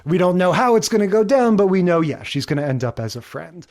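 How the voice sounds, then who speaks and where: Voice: medium pitch, sing-song, quick pace, a little mellow. A podcast co-host giving emphatic, opinionated commentary on sitcom episodes in casual chat.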